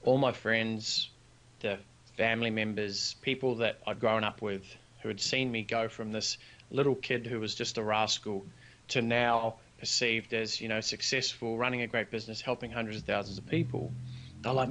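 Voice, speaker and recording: Fairly low-pitched and speaking at normal speed, this man from New Zealand is a business founder on a podcast. His personal story comes across earnest and lively, with quoted dialogue acted out.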